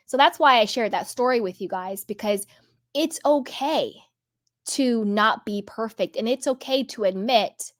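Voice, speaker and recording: A woman hosting a casual commentary vlog, talking earnestly and slowing down to stress key words. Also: a little high. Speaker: host.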